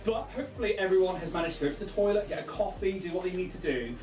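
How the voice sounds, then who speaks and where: A man's voice: high-pitched, very fast, roomy sound, distant mic, over music, rough recording. A man narrating a tabletop game as game master, chatty and jokey.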